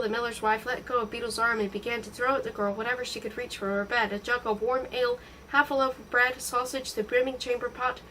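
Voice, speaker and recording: A woman reading a novel aloud in a steady, expressive storytelling voice. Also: on the high side, fast talker, few pauses, distant mic, slight background noise, rough recording. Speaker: audiobook reader.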